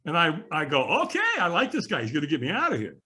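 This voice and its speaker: Animated husky man telling a story. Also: on the high side, fast talker. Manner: animated storyteller, acts out quoted voices. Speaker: podcast guest. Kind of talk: storytelling in casual interview.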